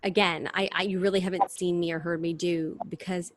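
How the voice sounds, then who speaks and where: A woman's voice: on the low side, fairly quick, dry recording. Chatty woman, dry close sound. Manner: chatty and animated, long rambling answers with restarts. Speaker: guest, stage singer and impressionist. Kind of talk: casual interview chat.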